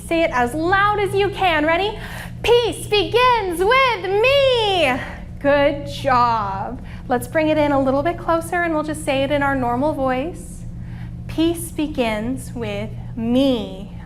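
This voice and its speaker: A young woman leading preschoolers through yoga and calming exercises, speaking in a gentle, encouraging way. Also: high voice, slight background noise. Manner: slow, soothing, encouraging. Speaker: children's librarian leading yoga.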